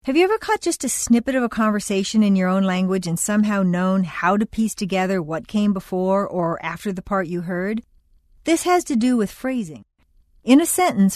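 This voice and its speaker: A woman narrating a scripted audio lesson on speech, as the instructor, with clear and measured delivery. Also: mid-range voice, a little mellow, no room sound, clean studio sound. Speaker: accent training instructor.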